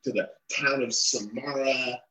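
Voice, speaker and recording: A middle-aged man speaks as an interview guest and tells his story in detail. His voice sits at an ordinary male pitch. He acts out the lines of the people he quotes as he goes. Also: a little slow, roomy sound, rough recording. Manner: animated storyteller acting out quoted dialogue.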